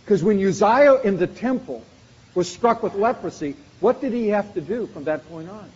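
A man's voice: high voice, expressive, normal speed, darkish tone. A man preaching a sermon with an emphatic, repetitive cadence. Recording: muffled recording in a reverberant hall.

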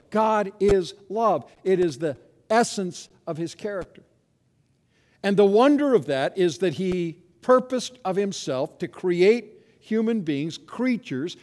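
A man preaches with earnest emphasis, leaning on key words and slowing to drive a point home. His voice sits a little high for a man. The sound carries a long reverb from a large hall. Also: darkish tone. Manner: earnest, emphatic preaching with slow stressed phrases. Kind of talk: sermon.

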